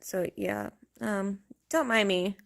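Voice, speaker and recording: A woman's voice: mid-range voice, takes it slowly, gravelly. A woman vlogger ranting casually to camera, blunt and profane, rambling and laughing often.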